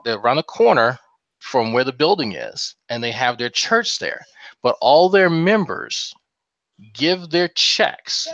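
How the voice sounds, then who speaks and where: A man's voice: mid-range voice, fairly bright tone. A man casually telling a long anecdote on a group talk show, acting out quotes as he goes. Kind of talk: casual storytelling. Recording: slightly dull lo-fi sound.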